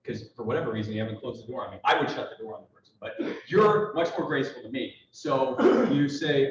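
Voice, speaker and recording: A man's voice: medium pitch, lively intonation, fast talker, few pauses, a little hiss or hum. Emphatic man speaking in an echoey hall. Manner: emphatic, acts out little dialogues, rhetorical questions. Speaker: political speaker. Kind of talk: persuasive speech to a party audience. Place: large room at a party convention. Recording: echoey hall, picked up from a distance, muffled.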